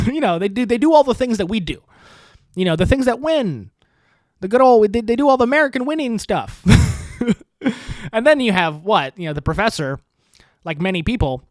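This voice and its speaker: Sarcastic high-voiced man podcasting. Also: dry recording, clean studio sound. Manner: rambling, sarcastic, swears often, laughs at own jokes. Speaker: podcast host. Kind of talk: casual profane commentary.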